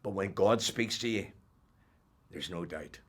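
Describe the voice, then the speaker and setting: An older man with a Northern Irish accent, telling his personal faith testimony as an animated storyteller who drops to a hush and then rises loud. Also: deep voice, measured pace. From Northern Ireland. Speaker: testimony speaker.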